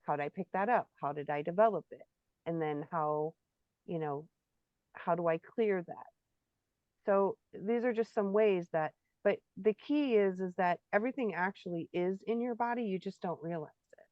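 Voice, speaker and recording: A woman's voice: fairly low pitch, normal speed, no room sound. Reflective woman on a dull lo-fi mic. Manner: reflective, searching for words with frequent ums. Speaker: spiritual workshop co-host. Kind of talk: live Q&A discussion. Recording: dull lo-fi sound.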